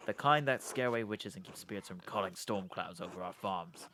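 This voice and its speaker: A man voicing a superstitious, grumbling old male villager in a game, crude and gruff in his talk. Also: low voice, brisk, sharp tone, slight background noise, pitched below the performer's own voice.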